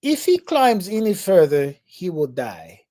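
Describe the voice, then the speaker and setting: A man voicing a blunt adult male mountain guide with a put-on Eastern European-sounding accent and a flat, matter-of-fact delivery. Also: high-pitched, a little slow, voice pushed up, heavily acted. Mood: deadpan.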